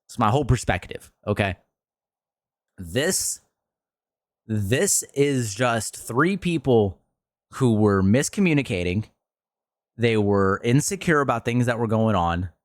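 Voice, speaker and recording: Man, frustrated streamer rant, dry close mic, mid pitch, swears a lot, pitch spikes when heated. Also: expressive, slow pace, pauses often, no echo. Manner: frustrated, exasperated, swears often; pitch jumps up sharply when worked up. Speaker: streamer commentator. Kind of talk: ranting commentary video.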